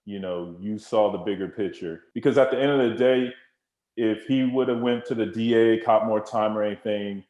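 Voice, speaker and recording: A man's voice: lowish voice, moderate pace, darkish tone. A man hosting a podcast interview, reflecting on his guest's story and driving home a point, often saying "you know". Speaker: podcast host. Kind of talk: casual interview chat. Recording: roomy echo.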